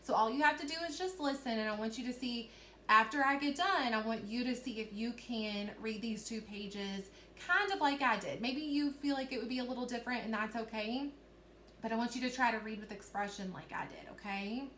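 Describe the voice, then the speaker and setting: A woman teacher with a slightly high voice talks children through a reading lesson. She explains each step patiently and keeps checking that they follow along. Her voice carries a roomy echo over a faint hiss. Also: brisk, fairly bright tone.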